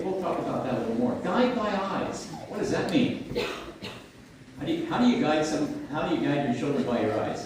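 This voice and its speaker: An older man delivers a sermon to his church in a rambling, conversational way, stumbling and restarting his phrases. His voice lifts and falls a lot, and the livestream catches him from a distance in a very echoey sanctuary with steady room noise behind. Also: a little high. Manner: conversational, halting with many restarts. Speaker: pastor.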